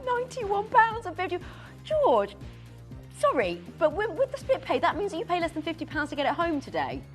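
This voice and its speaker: A woman presenting live on a shopping channel, excitable and giggly, often tripping over her words. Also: sits high, brisk, faint music behind. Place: TV studio.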